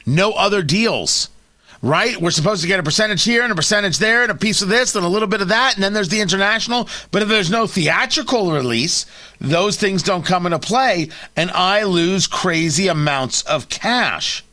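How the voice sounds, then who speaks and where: A middle-aged man hosting a radio talk show, giving opinionated commentary with sarcasm and quick asides. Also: sits high, no room sound. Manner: sarcastic, animated, quick asides and mock voices. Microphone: studio microphone.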